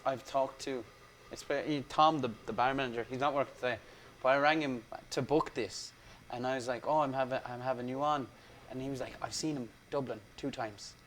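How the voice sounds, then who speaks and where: A man's voice: medium pitch, fairly quick, crowd noise. A man hosting a podcast, asking questions in a casual chat. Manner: relaxed, hesitant questions with fillers. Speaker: podcast host.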